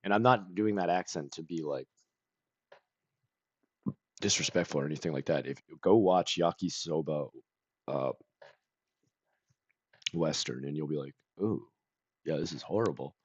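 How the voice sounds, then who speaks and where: Deep-voiced rambling streamer man. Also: unhurried, long pauses, slightly rough, no echo, highs cut off. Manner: rambling, full of "like" and self-corrections. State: coughing, clearing throat. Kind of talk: casual stream chat.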